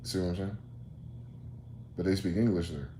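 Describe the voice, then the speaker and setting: A man's voice: deep voice, steady tone, moderate pace, dark tone. A man hosting a solo rant monologue, firing off rhetorical questions in a profane, combative way. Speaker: host. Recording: roomy echo, faint background noise.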